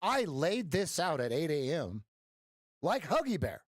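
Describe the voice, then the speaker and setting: Animated male trading coach. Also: on the high side, a little slow, no room sound, clean studio sound. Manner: playful, jokey, makes sound effects. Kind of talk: live-stream trading commentary.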